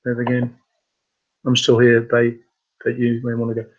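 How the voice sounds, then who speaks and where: A man hosting a casual live computer training webinar, talking in a halting way with many fillers and restarts. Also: mid-range voice, monotone, phone-quality sound.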